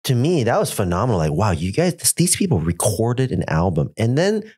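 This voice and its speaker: A man's voice: fairly low pitch, huge pitch swings, darkish tone, slightly rough. A man hosting a podcast, asking questions and chiming in with enthusiastic agreement. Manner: enthusiastic, quick affirmations and questions. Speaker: podcast host. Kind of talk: casual interview chat.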